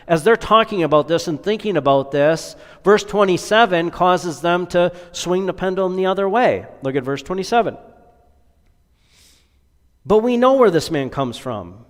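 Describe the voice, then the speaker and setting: A man's voice: on the high side, big-room sound. A man preaching a sermon as pastor. He asks rhetorical questions, pushing some phrases up with force and letting others sink to a near-whisper. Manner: rhetorical questions, rising to emphatic peaks then dropping to near-whispers.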